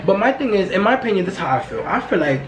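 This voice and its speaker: A woman hosting her own podcast in a casual, loud, profane and gossipy way. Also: medium pitch, sing-song, racing. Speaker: podcast host. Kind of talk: casual solo podcast chat. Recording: echoey room with faint background noise.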